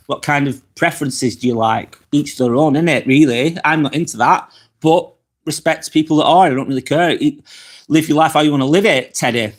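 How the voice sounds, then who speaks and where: A man's voice: fairly high pitch, slightly rough. A middle-aged man hosting a casual live vlog, talking frankly and swearing freely as he reads viewer comments. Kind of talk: casual live-stream chat reading comments. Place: apartment indoors.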